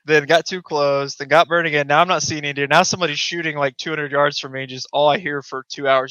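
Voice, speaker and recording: A man's voice: fairly high pitch, fast, few pauses, clear, resonant tone, no room sound. A man, a guest on a podcast, telling a hunting story casually and acting out voices and sounds. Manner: animated, acts out voices and sounds. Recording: dull lo-fi podcast audio.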